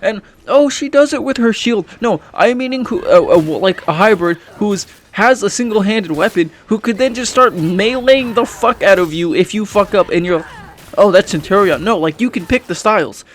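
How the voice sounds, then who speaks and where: A man's voice: high-pitched, expressive, moderate pace, few pauses, a little hiss or hum. A young man giving frustrated, profane game commentary as a YouTuber, often restarting his sentences. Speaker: gaming YouTuber.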